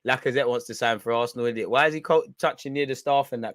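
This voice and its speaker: A young man with a London accent chats casually and fast on a football watch-along stream, packed with slang. He swings between loud hype and low mutters in this live-stream banter.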